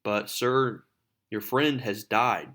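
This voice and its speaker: A man's voice: fairly low pitch, slow pace, fairly bright tone. A man voicing a male police investigator who halts through formal news. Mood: solemn.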